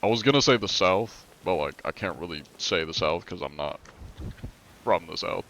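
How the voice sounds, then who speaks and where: A man's voice: low voice, expressive, moderate pace, a bit bright. A man from the United States chatting casually on a live game stream, joking as he answers chat questions.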